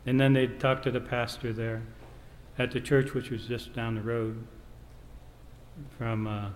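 A man's voice: mid-range voice, little pitch movement, unhurried. A man preaching a sermon, telling a family story and quoting scripture in an earnest way. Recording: reverberant hall, faint background noise.

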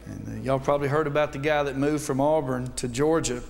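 A man's voice: mid-range voice, steady tone, fairly quick, gravelly, long reverb tail. A middle-aged man with a North Alabama accent preaching a sermon as a visiting Baptist preacher, with folksy, joking asides. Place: church sanctuary.

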